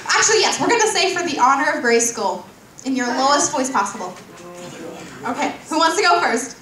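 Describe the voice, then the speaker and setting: A woman's voice: high-pitched, big pitch swings, a little fast, sharp tone. A woman hosting a playful audience game at a convention panel, chatty and laughing as she calls people up. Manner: chatty, laughing, loose directions. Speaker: panel host. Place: large convention hall. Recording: echoey hall, distant mic, crowd.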